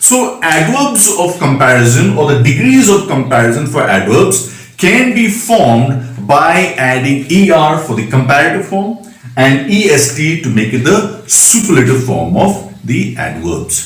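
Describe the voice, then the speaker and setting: A man's voice: a little high, very animated, a little slow. A man teaching a recorded grammar lesson, patiently spelling out letters and checking in with "right?". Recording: echoey room, mic at a distance.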